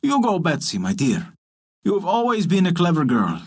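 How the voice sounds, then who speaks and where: A man voicing a weary, grudging peasant father in a folk tale, giving gruff, resigned orders. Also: on the high side, wildly swooping pitch, moderate pace, darkish tone, heavily acted.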